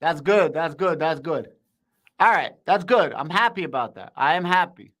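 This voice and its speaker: Loud, hyped man shouting at his live stream. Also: a little high, animated, moderate pace. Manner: shouting, hyped, slangy, reads chat aloud. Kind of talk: excited live market stream.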